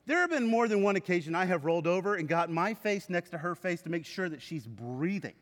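A man preaching a sermon to his church, with animated storytelling. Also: high-pitched, a little fast. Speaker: pastor. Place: church sanctuary. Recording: reverberant hall.

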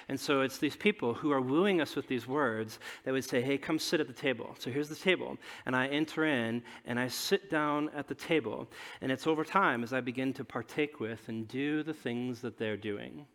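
A male pastor preaching a conversational sermon in a church room, peppering his points with questions and swinging between emphatic and hushed delivery. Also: medium pitch, big-room sound.

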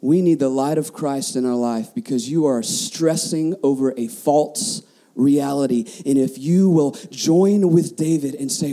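A man's voice: mid-range voice, measured pace, warm tone. A man preaching a sermon as a pastor, passionate, often repeating words and asking the congregation questions.

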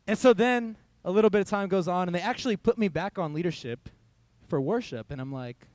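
A man's voice: sits high, lively intonation, fast. A young man, a youth pastor, giving a conversational sermon in a church hall, telling a personal story and quoting his own thoughts.

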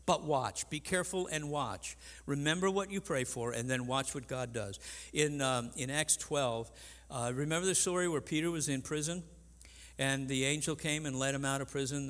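An older man preaching a sermon as pastor, earnest and halting, with frequent restarts. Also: mid-range voice, a bit bright. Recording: long reverb in a large hall.

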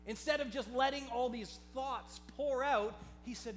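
A man preaching a sermon as pastor, swinging from hushed, low delivery to loud, impassioned outbursts and reading scripture aloud dramatically. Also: big pitch swings, normal speed, hardly any pauses, a little hiss or hum.

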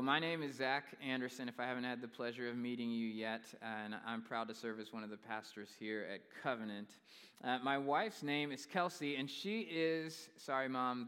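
A young male pastor preaching a sermon in a large church, relaxed and conversational with bits of humorous storytelling. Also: mid-range voice, clean tone. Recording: long reverb in a large hall.

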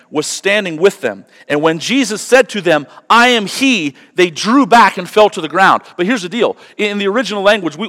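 A man preaching a sermon as pastor, moving from quiet teaching to loud, fervent delivery. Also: high-pitched. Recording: long hall reverb.

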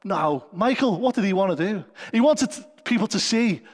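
A man's voice: high voice, expressive, moderate pace, few pauses, in a large hall. A man preaching a sermon at a church service, earnest and conversational, with light jokes.

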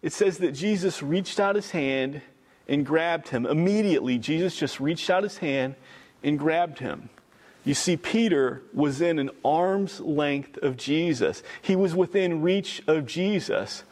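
Emphatic preacher with hall echo. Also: male voice, on the high side, measured pace, darkish tone. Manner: emphatic, repetitive, conversational storytelling. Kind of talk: sermon. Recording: echoey hall reverb.

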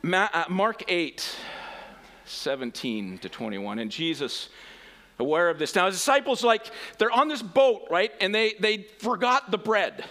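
Male pastor, sermon, high-pitched and lively, prone to outbursts and self-mocking laughs. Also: measured pace. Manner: animated, swings from quiet to shouted emphasis, laughs at himself.

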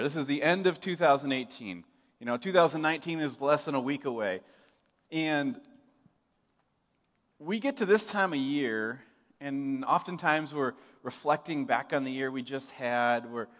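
Young preacher telling a story in a hall. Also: male voice, medium pitch. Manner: storytelling, animated, self-deprecating. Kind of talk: sermon with personal story. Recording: reverberant hall.

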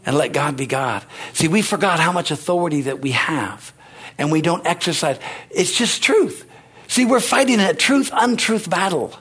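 A man's voice: a little high, expressive, moderate pace, fairly bright tone, breathy edge. A man preaching a rousing sermon, calling out amens and hallelujahs between points. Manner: rousing, call-and-response preaching. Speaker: pastor.

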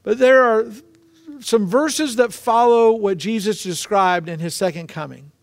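A man's voice: sits high, unhurried, no echo, studio quality. A man preaching a sermon, emphatic and repeating key phrases for weight. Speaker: pastor.

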